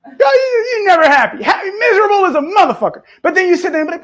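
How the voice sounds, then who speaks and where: High, lively man coaching a live audience. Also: very fast. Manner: animated, profane, preachy, mocking. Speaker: host.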